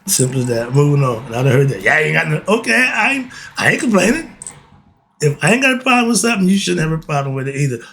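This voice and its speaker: A man's voice: on the high side, sing-song, quick pace, a bit bright, a little hiss or hum. A man, giving a casual, blunt monologue, often laughing and asking and answering his own questions. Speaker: host of a philosophy talk channel.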